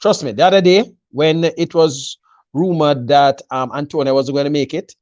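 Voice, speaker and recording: A man's voice: a little high, steady tone, normal speed, darkish tone, no room sound, highs cut off. A man with a Jamaican accent in a casual sports chat, confidently breaking down a team selection and mixing patois with English. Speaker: football pundit.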